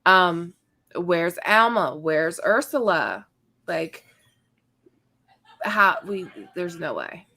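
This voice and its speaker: A woman's voice: fairly low pitch, sing-song, very slow, long pauses, bright, forceful tone. A woman co-hosting a casual live after-show chat, firing off questions and restarting her thoughts often. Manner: tumbling questions, stops and restarts mid-thought. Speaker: co-host.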